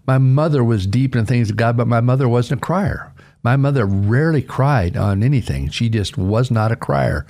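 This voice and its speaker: Gravelly older man preaching on radio. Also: normal speed, a little mellow. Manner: earnest, emphatic, pitch rising on key phrases. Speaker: radio pastor. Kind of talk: radio devotional sermon.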